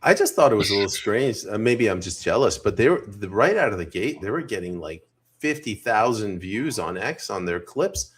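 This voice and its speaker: Deep-voiced man, wry political talk. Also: very animated, moderate pace, husky. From Canada. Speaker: podcast co-host. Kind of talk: casual political chat.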